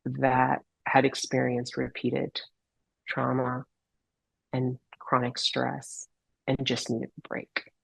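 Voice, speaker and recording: A woman's voice: very deep voice, completely flat delivery, slow, gravelly, breathy edge, dry recording, low-quality recording. A woman guest on a podcast, telling a heartfelt personal story in an earnest, reflective way and sometimes searching for her words. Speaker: podcast guest, holistic healer.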